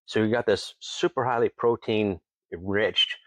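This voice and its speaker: Speaking a little slowly in a fairly low voice, this man from Tenino in Washington State owns a distillery and swaps folksy tales as an interview guest. The chat is casual and the recording dry, and he laughs softly between lines while playing out other people's words with relish.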